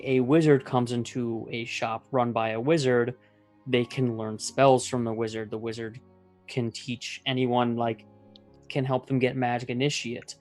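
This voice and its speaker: A man hosting a casual tabletop gaming chat, explaining ideas in a relaxed way with fillers. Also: mid-range voice. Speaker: podcast host.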